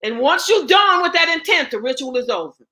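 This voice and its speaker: A woman's voice: high-pitched, big pitch swings, brisk, sharp tone. A woman speaking as a guest and ritual teacher, blunt and profane, preaching with rhetorical questions. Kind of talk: impassioned spoken address.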